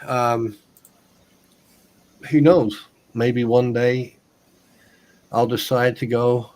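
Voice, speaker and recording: A man's voice: medium pitch, fairly even intonation, very slow, pauses often, darkish tone. A man co-hosting a livestream in casual banter, crude and joking, laughing often. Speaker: livestream co-host.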